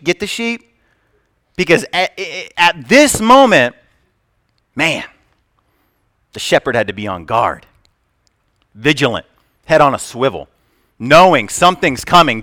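A man preaching a sermon to a congregation, swinging between loud declarations and hushed asides, telling stories with humor. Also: fairly high pitch, dry recording. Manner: storytelling with humor. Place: church.

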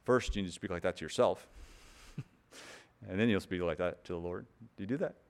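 Earnest preacher with a smooth, low voice. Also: male voice, normal speed. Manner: earnest, emphatic, rising in force on key points with repeated words. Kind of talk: sermon.

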